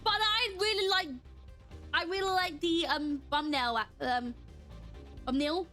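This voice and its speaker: A woman's voice: extremely high pitch, fairly even intonation, a little slow, bright, forceful tone, soft background music. A woman streamer chatting casually while playing a game, laughing often and answering her chat as she goes.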